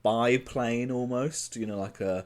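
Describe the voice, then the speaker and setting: A man's voice: medium pitch, fairly even intonation, a little slow. A British man co-hosting a comedy podcast, telling a made-up adventure in a rambling way, swearing and correcting himself as he goes. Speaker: podcast co-host. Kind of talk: casual improvised comedy chat.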